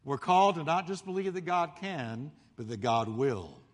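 A male pastor preaches in a lively storytelling style, jumping into the voices of the people in his story. His voice sits a bit high for a man. The sound rings with the long reverb of a big hall. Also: moderate pace. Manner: animated storytelling, acting out crowd voices. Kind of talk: sermon.

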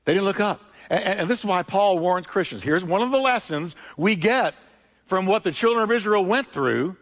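A male pastor preaching a sermon with emphatic, repetitive delivery, swinging between loud peaks and quieter asides. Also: high voice, animated, normal speed. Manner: emphatic preaching, repeating phrases with rising and falling intensity. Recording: long church hall reverb.

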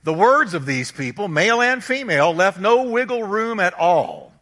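Emphatic high-voiced male pastor preaching. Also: very animated, moderate pace, pushed and bright, long reverb tail. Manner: emphatic, repeats phrases, rhetorical questions to the congregation. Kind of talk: sermon.

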